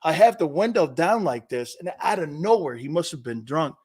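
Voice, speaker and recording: A man with a fairly high voice hosts a sports talk show in a studio. He is on his feet, rambling through animated stories and restarting his sentences again and again. His tone is loose and casual. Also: normal speed, slightly rough. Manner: does the show standing up.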